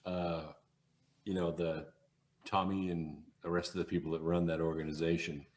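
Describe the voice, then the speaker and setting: Veteran radio man, low voice, assured storyteller, chatting on a podcast. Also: level tone, normal speed, a little mellow. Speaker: radio host and guest. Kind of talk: casual podcast chat.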